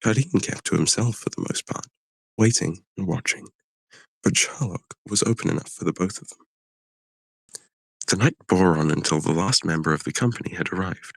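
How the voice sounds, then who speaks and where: A man's voice: low-pitched, moderate pace, vocal fry, no echo. A man streamer reading a story aloud on a live stream, short of breath and pushing through. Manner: reads steadily, breaking off to cough and apologize.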